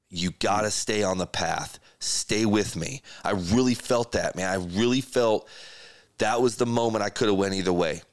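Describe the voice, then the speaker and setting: Man, middle-aged, very low voice, dry close sound, earnest candid storytelling, emotional. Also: no room sound. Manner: emotional, earnest, speaks in restarts and quotes. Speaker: podcast host.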